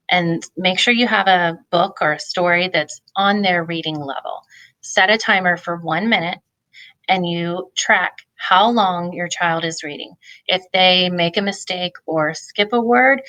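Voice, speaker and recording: Woman with a bright, forceful voice, teaching parents. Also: fairly low pitch, poor audio. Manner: friendly, explanatory, with filler ums. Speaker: family literacy presenter. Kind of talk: instructional talk for parents.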